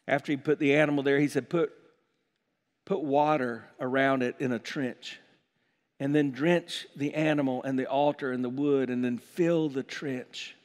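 A man preaching a sermon as pastor, animated and acting out scripture passages with playful voices. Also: mid-range voice, big-room sound. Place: church sanctuary.

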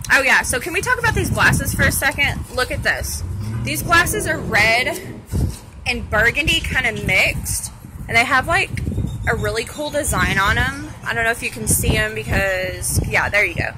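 A woman's voice: on the high side, animated, normal speed. A woman from Texas with a Texan accent, chatting frankly as she films a mukbang vlog on her phone. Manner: chatty and frank, with mild cursing. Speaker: mukbang vlogger. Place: outdoors at a cafe table, windy. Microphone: phone camera. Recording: noisy outdoor phone recording.

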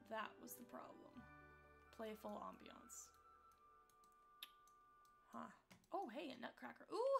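A young woman streaming a life-simulation game, talking in an animated way to her viewers and to the characters on screen. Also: high-pitched, gravelly. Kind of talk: live gameplay commentary.

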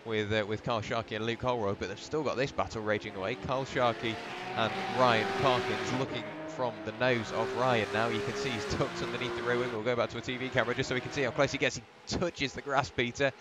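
A man giving steady, conversational play-by-play for a sim racing broadcast. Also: mid-range voice, fast, heavy background noise. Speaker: lead commentator.

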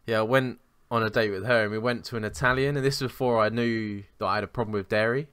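Bright, crisp young man, spinning sweary yarns. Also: fairly low pitch, steady tone, fast, no room sound. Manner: rambling, sweary, self-mocking anecdotes. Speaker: podcast co-host. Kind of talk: casual chat, storytelling.

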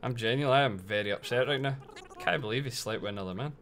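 Young Scottish male streamer, mid-pitched, loud and sweary, big comic outbursts, faint background hiss. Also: rapid-fire. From Scotland. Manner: loud, swears a lot, playful mock outrage. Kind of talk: casual live-stream commentary.

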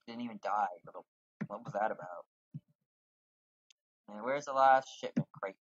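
Sarcastic gamer with a husky voice. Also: medium pitch, measured pace, pauses often, dry recording, highs cut off. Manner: sarcastic, swearing, jokey. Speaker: let's play gamer. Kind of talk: casual game commentary.

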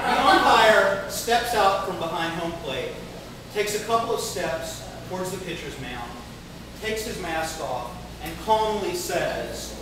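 A man's voice: high voice, animated, a little slow, crowd noise. Male spoken-word poet, dramatic wry storyteller; distant mic, echoey noisy live room. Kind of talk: spoken-word poetry performance.

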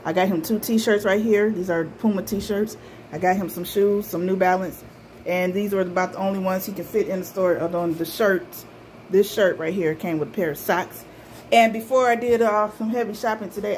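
A woman's voice: mid-range voice, darkish tone, slight background noise. An older woman, chatting casually to the camera at home as she shows off a shopping haul. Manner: chatty, homey, talks straight to viewers as y'all. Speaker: vlogger showing a shopping haul. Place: at home in her apartment.

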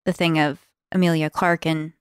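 A woman in her thirties co-hosting a podcast with her husband, soft-spoken and wry in casual chat. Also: low voice, little pitch movement, moderate pace, clean tone, dry recording, studio quality. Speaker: podcast co-host. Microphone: studio mic with headphones.

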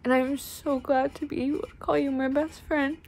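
Young woman, high-pitched, emotional, laughing through tears, joyful yelling, phone video message to a friend. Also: flat delivery, normal speed, creaky, slight background noise.

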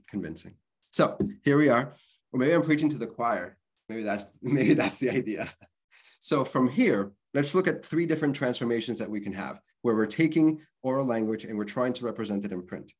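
A man presenting an online literacy workshop, explaining things in a conversational way and spelling out sounds. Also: mid-range voice. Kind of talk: workshop lecture.

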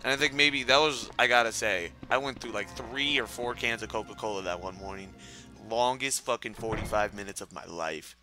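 Over video game music, a young man playing a game casually tells a long story, laid-back and swearing often, with plenty of fillers and laughing asides. His voice is lowish but bright and forceful, at a moderate pace.

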